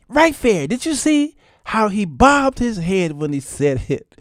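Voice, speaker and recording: A man's voice: high voice, big pitch swings, unhurried, hardly any pauses, fairly bright tone, dry recording, studio quality. A man hosting a casual livestream, talking folksy to his viewers and laughing often. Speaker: show host.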